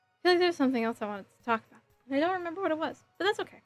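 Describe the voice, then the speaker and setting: Over faint background music, a thirtysomething woman assembles a model kit on a casual livestream, giggling a lot and reading out her chat. She speaks rapid-fire in a high-pitched voice with lively intonation.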